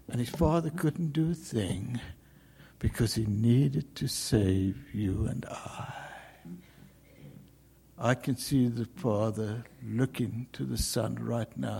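A man preaching a sermon, telling a story dramatically, with sudden loud calls and hushed, whispered passages. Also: mid-range voice, takes it slowly, vocal fry, slightly rough.

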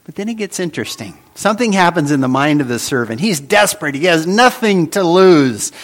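A man preaching a sermon, swinging between loud emphasis and hushed, dramatic drops. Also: a little high, lively intonation, brisk. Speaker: pastor.

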